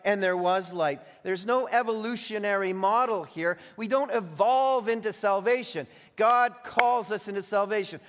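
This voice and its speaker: A man's voice: sits high, fairly bright tone. A man preaching a sermon as a pastor, emphatic, stretching out key phrases and often doubling words as he restarts. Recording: long reverb of a large hall.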